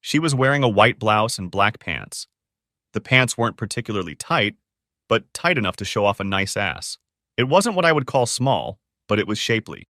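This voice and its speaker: Lively low-voiced male story narrator. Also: fairly quick, no echo, clean studio sound. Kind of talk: first-person scripted story narration.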